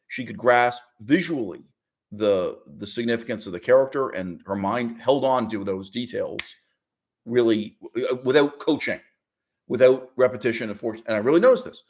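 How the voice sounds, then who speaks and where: A man's voice: normal speed, a little mellow. A man hosting his own channel, delivering an opinionated monologue with emphatic stresses, frequent restarts and short laughs. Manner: argumentative, emphatic, with sudden pitch jumps and mock quotes; restarts and fillers, laughs while speaking. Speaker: channel host.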